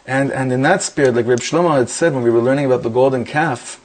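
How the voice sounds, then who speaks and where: A middle-aged man with a middle-range voice tells a story the way a rabbi warms up his class. He is animated and acts out the dialogue of the people in his tale. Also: mid-range voice, fast. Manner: animated anecdotes with quoted dialogue. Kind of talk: storytelling before a Torah class.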